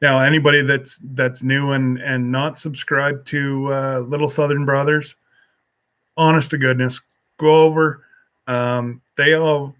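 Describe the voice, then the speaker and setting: A man's voice: mid-range voice, fairly bright tone. A man hosting a casual solo live stream, rambling as he reads and answers viewer comments with a folksy, teasing manner.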